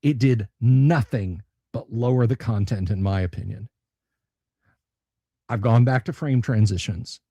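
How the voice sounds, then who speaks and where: A man's voice: on the low side, unhurried, mellow, husky, dry recording. A man hosting a casual livestream chat for his tabletop gaming channel, blunt, sarcastic and profane.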